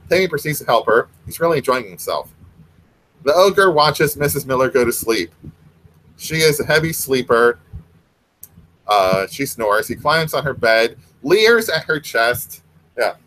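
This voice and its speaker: A man's voice: mid-range voice, animated, moderate pace, a bit bright, poor audio. A man reading his own short story aloud, breaking off for wry, self-mocking asides.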